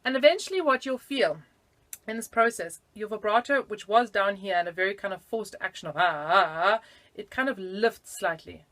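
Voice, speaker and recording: A woman's voice: mid-range voice, lively intonation, fairly quick, fairly bright tone. A woman teaching flute in a casual video lesson, chatty and giggly with self-deprecating asides.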